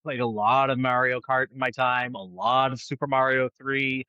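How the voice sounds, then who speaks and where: A man co-hosting a pop culture podcast, chatting in animated, jokey banter. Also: medium pitch, moderate pace, smooth, no room sound, lo-fi sound. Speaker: podcast co-host. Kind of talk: casual pop culture chat.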